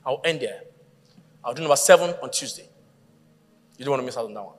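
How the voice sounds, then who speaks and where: A man preaching a sermon, telling a story with lively acted-out voices and shouting at the peaks. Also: mid-range voice, fast talker, big-room sound. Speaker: pastor.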